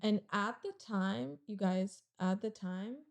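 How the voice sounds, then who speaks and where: Gravelly-voiced young woman sharing a story. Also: medium pitch, slow. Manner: rambling, heavy use of "like". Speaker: podcast guest. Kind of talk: emotional personal story.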